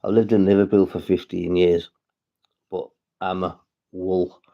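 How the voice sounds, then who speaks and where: A man's voice: low voice, level tone, unhurried, creaky, dull audio. A man from St Helens with a northwest English accent, rambling and swearing as he chats to viewers on a casual livestream. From St Helens, England.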